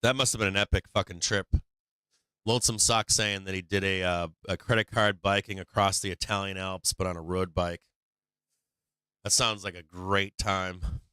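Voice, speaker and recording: A man's voice: low-pitched, fairly even intonation, normal speed, sharp tone, clear, resonant tone, dry recording. Profane, chatty older man. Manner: profane, laughing, rambling. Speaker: stock market livestream host. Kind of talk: casual livestream chat.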